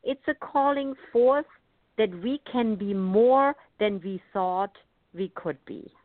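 A woman's voice: a little high, slow, dry recording. Hesitant woman on a tinny phone line. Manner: hesitant, many fillers and restarts. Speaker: co-host. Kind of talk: reflective conversation.

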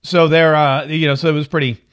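A man's voice: on the high side, flat delivery, fairly quick, fairly bright tone, clean tone. A man hosting his own show, chatting casually and rambling to viewers, often restarting his sentences. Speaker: show host. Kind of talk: casual live-stream chat.

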